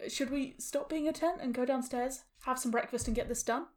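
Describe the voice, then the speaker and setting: A woman playing in a tabletop game podcast, teasing and bantering loudly. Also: high voice, brisk. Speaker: player. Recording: far from the mic with loud noise.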